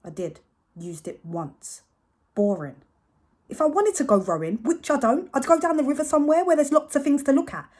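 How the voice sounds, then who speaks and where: A woman's voice: low-pitched, steady tone, brisk, darkish tone, breathy edge. A woman playing a dry, sardonic young narrator. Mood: wry. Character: wry, grumbling young narrator recounting family life. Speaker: stage actor. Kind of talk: solo stage monologue.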